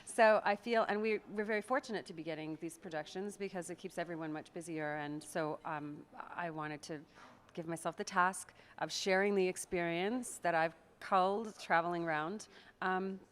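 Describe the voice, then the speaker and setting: A woman's voice: fairly low pitch, fairly even intonation, normal speed, clean tone. A woman with a Canadian accent, an actress and accent coach, explaining and demonstrating pronunciation in an interview. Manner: explanatory, demonstrates words aloud, laughs often. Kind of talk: interview answers.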